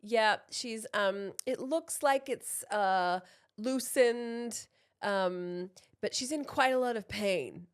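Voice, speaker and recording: Woman doing a fumbling, hesitant man on a phone call, full of ums and pauses. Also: high voice, smooth. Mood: flustered. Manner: halting, hesitant, lots of ums. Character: flustered man describing an injury on the phone.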